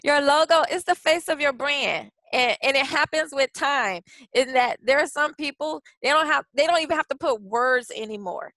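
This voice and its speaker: Woman, fairly high voice, chatty webinar presenter, lots of restarts, dry close mic. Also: expressive, moderate pace, bright, forceful tone, no echo, low-quality recording. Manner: chatty, many restarts and fillers. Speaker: workshop presenter. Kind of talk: casual webinar teaching.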